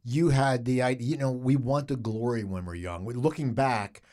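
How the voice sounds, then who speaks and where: A man's voice: mid-range voice, moderate pace, darkish tone. A man hosting a casual podcast interview, reflecting on youth and asking follow-up questions. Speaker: podcast host.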